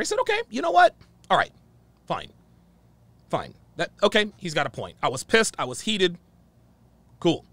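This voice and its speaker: A man's voice: fairly high pitch, a bit bright, dry recording. A man telling a heated story in a profane monologue, acting out the dialogue he quotes. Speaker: channel host.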